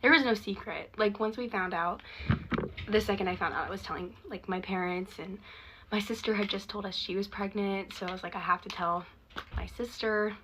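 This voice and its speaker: A woman's voice: medium pitch, moderate pace, noisy background. A young woman casually telling a personal story, chatty and laughing often.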